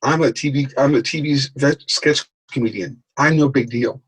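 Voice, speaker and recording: A man telling lively anecdotes as a guest in an interview, acting out the people in his stories. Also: mid-range voice, normal speed, husky, poor audio. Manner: animated anecdote telling, acts out quoted voices. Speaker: guest, author. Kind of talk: storytelling in a podcast interview.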